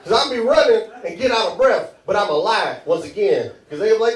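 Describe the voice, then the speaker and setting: High-voiced man doing stand-up. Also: big pitch swings, a little fast, hardly any pauses. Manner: loose, conversational, laughs at his own jokes. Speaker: stand-up comedian. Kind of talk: stand-up comedy set. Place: comedy club stage. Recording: echoey live room, mic heard from a distance, crowd laughing. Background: audience laughter.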